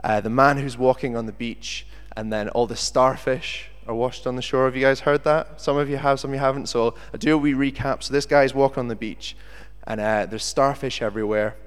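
A man's voice: mid-range voice, fairly quick, few pauses, clear, resonant tone. A man preaching a sermon and telling a story from his own life, acting out what people say. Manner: animated storyteller who acts out quotes. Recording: long reverb of a large hall.

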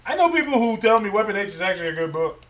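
A man co-hosting a casual podcast chat, animated and emphatic, laughing often. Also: sits high, rapid-fire, echoey room, distant mic. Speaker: podcast co-host.

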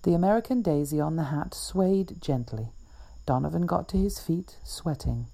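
A woman author reads her own fiction in a measured, even way. Her voice is low and dark with a gravelly texture.

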